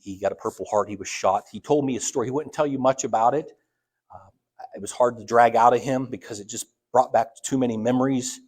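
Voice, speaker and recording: This middle-aged Ohio man talks a little fast, his medium-pitched voice dark-tinged and slightly rough, as he preaches as a church elder. Personal stories fill his sermon, told casually with frequent restarts and acted-out voices.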